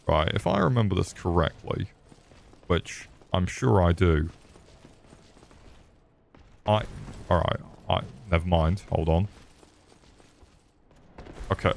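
Man, lowish voice, crude joking gameplay chatter, home mic, faint room hum. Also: lively intonation, a little slow, creaky, pauses often, darkish tone. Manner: crude joking banter with chat. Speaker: streamer. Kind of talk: casual gameplay commentary. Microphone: desk microphone.

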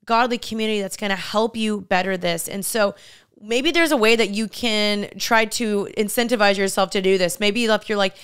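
A young woman co-hosting a casual podcast, giving earnest, heartfelt advice in a rapid flow of talk. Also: mid-range voice, a bit bright, smooth, dry recording, clean studio sound. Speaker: podcast co-host. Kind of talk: casual chat.

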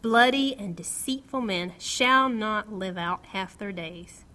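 Here a middle-aged woman takes her time, her medium-pitched voice guiding a small group through Bible study. With plenty of laughter and animation, she reads passages of scripture aloud and performs the quotes.

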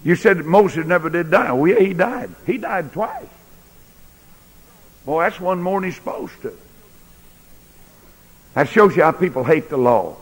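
A man preaching a sermon in a large church, folksy, swinging between loud bursts and quiet asides. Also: a little high, expressive, unhurried, long pauses, breathy edge. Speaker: pastor. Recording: echoey church hall recording.

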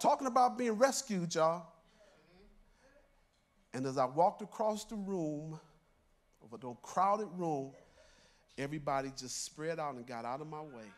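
An older man, a church elder, preaching a sermon by telling a personal story in a conversational way and chuckling through his lines. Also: fairly high pitch.

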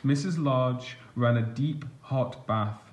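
Slow, expressive storybook reader, a man. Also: medium pitch, echoey room, lo-fi sound, a little hiss or hum. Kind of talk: reading a picture book aloud.

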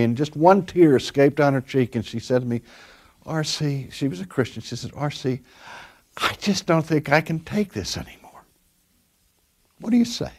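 An older man, a pastor, preaching a sermon and telling stories, dropping his voice soft and then pushing it strong for emphasis. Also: medium pitch. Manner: storytelling, varies loudness from soft to emphatic.

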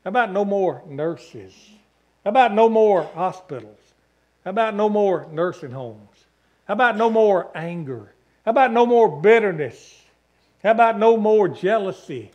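This pastor's voice is high-pitched and expressive, a little mellow, moving at a normal speed. Preaching in the church sanctuary, he drives home his points with long, repeated lists and calls for amen.

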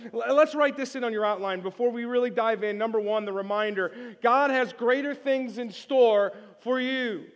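A male pastor preaching a sermon, energetic and joking, calling on the congregation to answer back. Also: very high-pitched, in a large hall. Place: church sanctuary.

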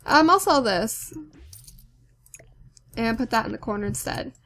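A woman's voice: a little high, animated, a little slow, a bit bright. A young woman giving casual, rambling commentary as she plays a game, chatting with viewers. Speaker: let's play host.

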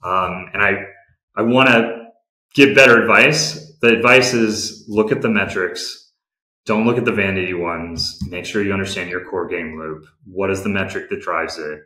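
A man's voice: sits low, normal speed, bright, forceful tone, reverberant, low-quality recording. A man who runs a game company, answering interview questions in a candid, practical way and often restarting his sentences.

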